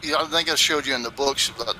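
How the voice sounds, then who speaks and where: A man's voice: medium pitch, quick pace, sharp tone, a little hiss or hum, poor audio. A man narrating a tabletop game as game master over an online voice call, rambling and loose with many fillers.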